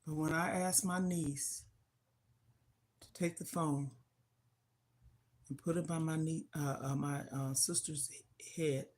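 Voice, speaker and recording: A woman's voice: low-pitched, steady tone, takes it slowly, long pauses, darkish tone. An older woman hosting a livestream, telling an emotional personal story of loss in a heartfelt, grieving way that sometimes turns indignant. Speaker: livestream host.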